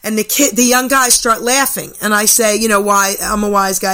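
An older woman hosting a radio talk show, telling a story with lively acted-out quotes. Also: mid-range voice, fairly quick, hardly any pauses. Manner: animated, acts out quoted voices. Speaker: radio host. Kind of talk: storytelling chat. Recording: radio broadcast.

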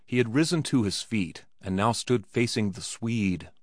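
A man narrating a story aloud in a steady storytelling delivery. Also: lowish voice, normal speed, no room sound, studio quality. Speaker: audiobook narrator. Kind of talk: scripted narration.

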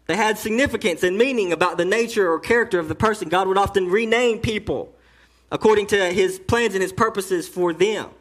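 High-voiced emphatic preaching man. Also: a little fast. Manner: emphatic preaching that swings from hushed to loud; restarts phrases while building a point. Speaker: pastor. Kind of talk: sermon. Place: church.

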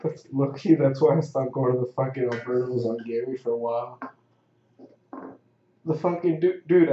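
A man's voice: mid-range voice, darkish tone. A young man swearing and joking in casual chat with friends. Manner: profane, joking banter. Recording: roomy, dull lo-fi sound with faint hiss.

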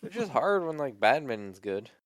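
A man's voice: mid-range voice, sing-song, moderate pace, dry recording, studio quality. A young man co-hosting a casual chat, talking loosely with lots of fillers and swearing. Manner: loose, swears often, trailing filler words. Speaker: podcast co-host.

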